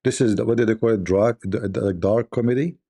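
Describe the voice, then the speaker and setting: Scornful gravelly-voiced male commentator. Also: fairly low pitch, fast, warm tone. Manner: scornful, rhetorical questions, repeats himself. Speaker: online commentator. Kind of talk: casual live-stream commentary.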